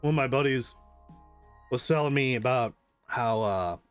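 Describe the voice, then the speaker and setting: A man streaming a game chats loosely and rambles, swearing without restraint and laughing frequently. He speaks at a moderate pace in a smooth, medium-pitched voice, with faint music in the background.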